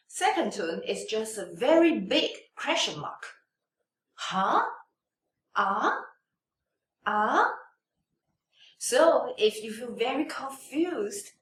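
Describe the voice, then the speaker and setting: A woman teaching Mandarin pronunciation online, demonstrating tones slowly with exaggerated contours. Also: a little high, a bit bright, a little hiss or hum. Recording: echoey room, mic at a distance.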